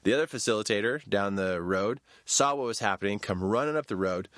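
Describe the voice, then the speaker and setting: A man telling a personal story in a storytelling talk, shouting quoted lines in a high voice. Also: fairly quick, few pauses, dry recording, studio quality.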